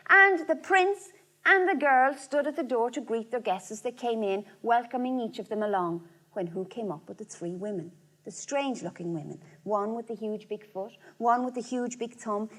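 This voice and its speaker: A woman telling a folk tale aloud, lively and rhythmic, repeating phrases. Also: fairly high pitch. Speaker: storyteller. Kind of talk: oral folk-tale storytelling.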